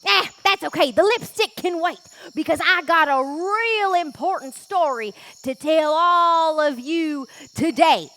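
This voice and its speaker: Lady doing a super high bubbly snake-loving gal, drawn out and slow, folksy storytelling at kids camp. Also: a bit bright, heavily acted. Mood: gushing. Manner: gushing, exclamatory and folksy. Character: bubbly, excitable ditzy lady with a pet snake. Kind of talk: children's ministry skit storytelling.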